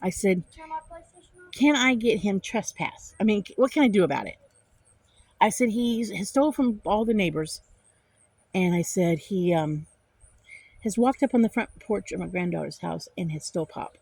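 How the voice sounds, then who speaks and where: A woman's voice: medium pitch, normal speed, vocal fry, long pauses, slightly rough. A middle-aged woman, telling an angry story to the camera in a casual vlog and repeating herself for emphasis. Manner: animated, indignant retelling with repeated phrases. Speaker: vlogger.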